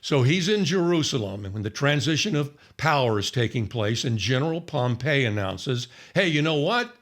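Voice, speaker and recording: A man's voice: mid-range voice, lively intonation, normal speed. A man teaching on the Bible in a conversational storytelling way, acting out the people he quotes. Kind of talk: sermon-style Bible teaching.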